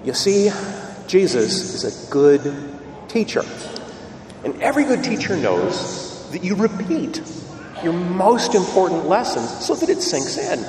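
A man delivers a lively sermon with a pitch that swings up and down. He is heard from a distance, and his voice rings through a roomy church with a long reverb trail. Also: measured pace, noisy background. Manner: animated, questioning, emphatic repetition. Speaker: preacher. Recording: echoey church, voice from far off.

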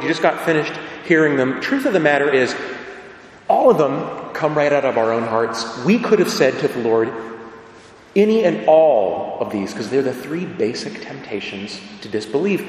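A man giving a sermon as preacher, earnest and conversational, acting out quoted voices as he goes. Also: on the high side. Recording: echoey church hall.

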